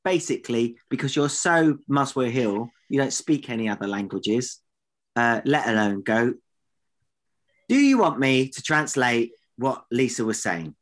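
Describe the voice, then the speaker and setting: A man's voice: medium pitch, lively intonation, unhurried. A man co-hosting a podcast in casual banter, teasing his partner in mock exasperation. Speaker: podcast co-host.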